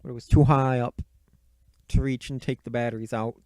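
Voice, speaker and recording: A man's voice: mid-range voice, little pitch movement, normal speed, a little mellow, dry recording. A man casually recapping a movie plot in a rambling, profane, offhand way. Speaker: movie reviewer.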